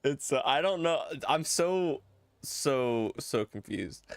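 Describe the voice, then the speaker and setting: A man's voice: medium pitch, animated, slow pace, vocal fry, no room sound. A man doing casual gameplay commentary as a YouTuber, playful and laughing constantly while he reads viewer comments. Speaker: gaming YouTuber.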